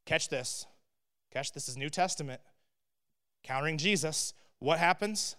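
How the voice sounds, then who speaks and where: A man preaching a sermon in a conversational way, with rhetorical questions and swings from loud emphatic bursts to quiet asides. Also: on the high side, a little slow, pauses often. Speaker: pastor.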